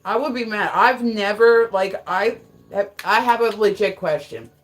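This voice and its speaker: A woman's voice: mid-range voice, measured pace. A woman live streaming in a casual, rambling, frank and joking way, with lots of filler words.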